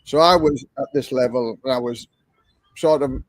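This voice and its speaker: A man's voice: mid-range voice, moderate pace, no room sound, low-quality recording. An older man with an English accent, telling a long story in a chatty, repetitive way while hosting a livestream. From England. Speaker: livestream host.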